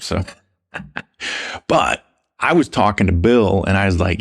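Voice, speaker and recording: A man speaks in a very low, gravelly voice. He tells stories as an interview guest, relaxed and anecdotal, and drops in a casual "man" or "dude" along the way. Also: unhurried, long pauses. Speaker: podcast guest.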